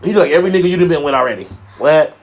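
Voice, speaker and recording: Brief: sassy male talk-show co-host, lively pitch swings, shady gossip delivery. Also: racing. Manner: sassy, shady, emphatic with big pitch jumps. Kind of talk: casual gossip chat.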